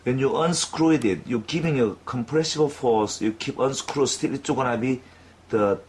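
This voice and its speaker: A man giving a clinical demonstration lesson, talking in a halting way with frequent fillers and restarts. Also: mid-range voice, a little hiss or hum. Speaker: dental instructor.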